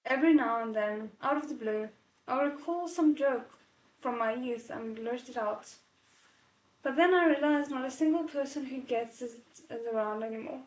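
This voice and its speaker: A woman's voice: high-pitched, normal speed, roomy sound, rough recording. A woman reading a novel aloud, breaking off for emotional, tearful comments. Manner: emotional, tearful asides between passages. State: choked up from crying. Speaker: novel readalong host.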